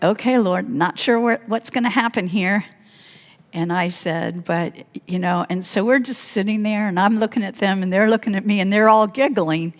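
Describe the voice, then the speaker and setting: A woman pastor telling a personal story in a sermon, animated and laughing often as she speaks. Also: medium pitch. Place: church sanctuary. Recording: long church hall reverb.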